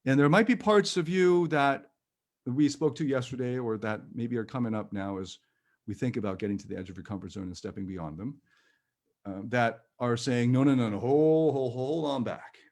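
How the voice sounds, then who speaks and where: A man leading a live-streamed personal growth workshop, talking in a gentle, reassuring and chatty way with light laughs. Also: medium pitch, moderate pace.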